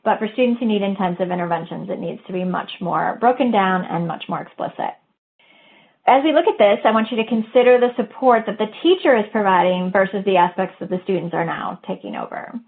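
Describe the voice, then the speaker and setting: A woman's voice: mid-range voice, fairly quick, gravelly, a little hiss or hum. A woman presenting an educational webinar, explaining step by step and modeling teacher talk in a methodical way. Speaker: webinar presenter on reading instruction. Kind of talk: explanatory lecture. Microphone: webinar audio. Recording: tinny phone-like audio.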